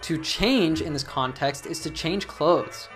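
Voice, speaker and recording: A woman narrating a scripted English lesson, explaining phrases clearly. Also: low-pitched, unhurried, music in the background. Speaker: English teacher.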